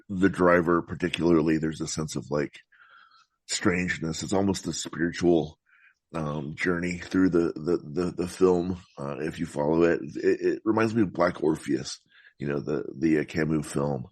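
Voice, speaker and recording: A man talking about films as a podcast guest, in a thoughtful, meandering way with frequent halting restarts. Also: rumbling low, darkish tone, dry recording. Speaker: podcast guest, film critic. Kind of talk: casual film discussion.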